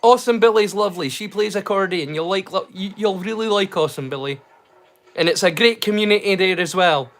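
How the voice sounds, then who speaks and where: The voice is high-pitched, brisk and slightly bright: a Scottish man running a relaxed livestream out of his rural Scotland home. His chat wanders, peppered with slang and restarts.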